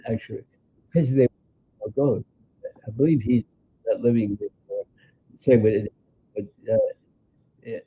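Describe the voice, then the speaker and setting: A grandfather in his nineties speaks with a New York accent and a gravelly, husky voice. He rambles through memories in a halting way, with many filler sounds. The sound is tinny and thin, like a phone line. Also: medium pitch. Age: 90s. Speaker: interview guest, grandfather. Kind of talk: casual storytelling chat.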